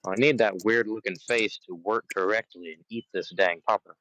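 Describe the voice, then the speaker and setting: A man's voice: on the low side, fairly even intonation, moderate pace, a bit bright, low-quality recording. A man chatting on a live fishing stream outdoors by the water, playfully taunting the fish he is after. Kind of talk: casual live-stream chat.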